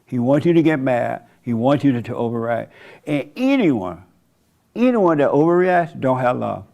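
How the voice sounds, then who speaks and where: Gravelly older man preaching casually. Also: medium pitch, very animated, moderate pace, mellow, lo-fi sound. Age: 70s. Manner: laughing often, mocking; folksy, conversational. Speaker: church host. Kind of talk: sermon monologue.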